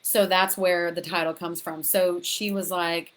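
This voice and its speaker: A woman with a lowish, level voice speaks unhurriedly and with few pauses. She's an author telling viewers about her own experiences to camera, frank and chatty, frequently restarting and repeating words.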